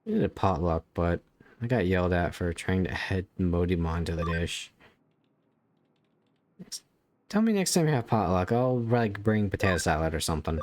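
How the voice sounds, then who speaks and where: A man's voice: sits low, animated, moderate pace, darkish tone. A man playing a game, reading its dialogue aloud with casual, wry asides. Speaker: gamer.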